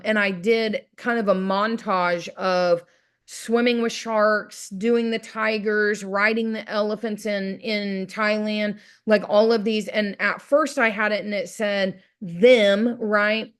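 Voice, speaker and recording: A woman gives a motivational talk as one long personal story. She speaks casually and with energy, acting out her own inner voice and often checking in with the listener. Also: medium pitch. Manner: chatty, keeps asking "right?".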